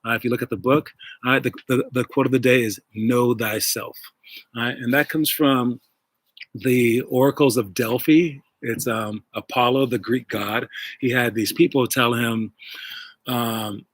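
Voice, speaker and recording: A man with a mid-range voice, fairly even intonation, and a breathy edge speaks a little slowly into wireless earbuds. A basketball coach and show host, he rambles through a casual livestream about basketball and coaching, heavy on fillers and addressing viewers directly. The recording is dry.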